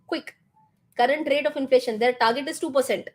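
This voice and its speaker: A woman's voice: sits high, a little fast. A middle-aged woman with an Indian English accent, hosting a live market commentary stream and quizzing her viewers. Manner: animated, mixes in Hindi words, quizzes viewers. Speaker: finance livestream host.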